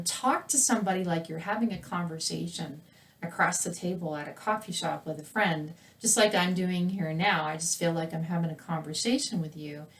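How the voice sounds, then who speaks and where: A woman teaching public speaking in a recorded lesson, with a lively, conversational delivery where her voice rises and falls. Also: lowish voice, recorded from a distance. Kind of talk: presenting a recorded lesson to camera.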